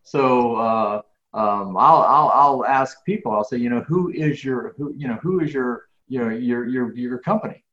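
A man who is a professional speaker, telling a lively story in a podcast interview and acting out the dialogue. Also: mid-range voice, moderate pace. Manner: animated, acts out dialogue. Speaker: guest speaker. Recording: roomy, dull lo-fi sound.

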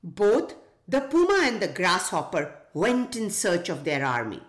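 A woman hosting a children's podcast gently narrates a folktale and asks her young listeners questions. Her mid-range voice swings hugely in pitch at a measured pace, and the sound is reverberant.

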